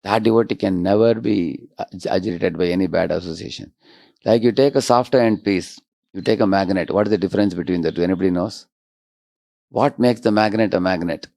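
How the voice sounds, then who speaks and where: Gravelly low-voiced man lecturing. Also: a little fast, warm tone, dry recording, studio quality. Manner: rhetorical tag questions to the audience. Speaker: spiritual lecturer. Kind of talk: devotional lecture.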